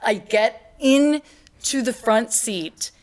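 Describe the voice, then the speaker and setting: A woman's voice: fairly high pitch, very slow. A woman hosting a podcast, telling a story in casual chat and acting out the people she quotes. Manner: animated storytelling, acts out quotes. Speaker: podcast host.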